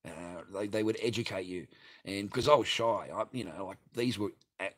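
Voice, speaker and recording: Australian man, low voice, husky, profane, rambling storyteller. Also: normal speed. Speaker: livestream host.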